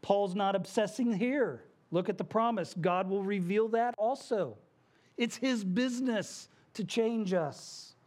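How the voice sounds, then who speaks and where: Guy with a pretty high voice preaching in church, chatty asides, little jokes. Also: unhurried, darkish tone. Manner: conversational preaching with asides and self-deprecating jokes. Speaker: pastor. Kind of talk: sermon. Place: church sanctuary.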